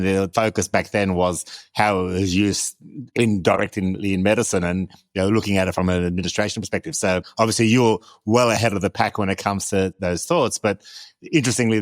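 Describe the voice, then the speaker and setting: A man co-hosting a podcast, asking follow-up questions in relaxed conversation. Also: fairly low pitch, no room sound. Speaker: podcast co-host. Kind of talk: casual interview chat.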